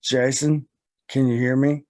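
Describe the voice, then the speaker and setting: A man filling in as host of a casual panel chat, easygoing and quick to laugh. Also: mid-range voice, level tone, darkish tone, no echo. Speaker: stand-in host.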